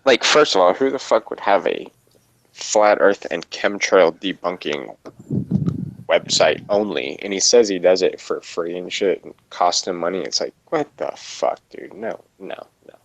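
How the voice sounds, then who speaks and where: Man on a video call: low gravelly voice with lively swings, crude and mocking, casual chat. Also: a little slow, dry recording, poor audio. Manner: profane, scoffing, laughs often. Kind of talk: casual online hangout chat.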